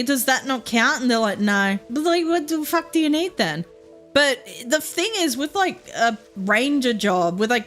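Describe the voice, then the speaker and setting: Young Australian woman, Queensland accent, live-stream chatter, rambling and giggly, mid-pitched voice, soft music underneath. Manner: rambling, giggly, lots of fillers. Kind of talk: casual live-stream chat.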